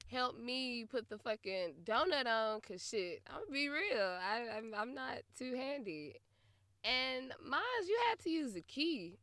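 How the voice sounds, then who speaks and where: A young adult woman hosting her own podcast, telling a story in a blunt, profane, laughing way that swings from muttering to loud outbursts. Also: fairly high pitch, no echo, studio quality. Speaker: podcast host. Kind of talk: casual storytelling monologue.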